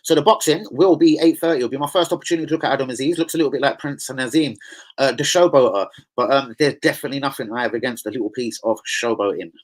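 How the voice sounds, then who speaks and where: A man hosts his channel from home, chatting to his viewers in casual, streetwise slang. He swears freely and drifts into heated rants, and his pitch sits in the middle range for a man. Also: fast talker, poor audio. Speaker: channel host. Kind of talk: casual vlog chat to viewers.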